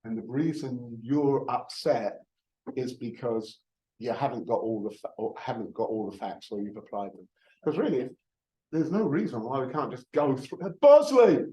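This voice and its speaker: A man's voice: mid-range voice, expressive, moderate pace, warm tone, rough recording. A man in his fifties, a real estate broker giving a jokey, self-mocking training talk to a live audience, often restarting his words.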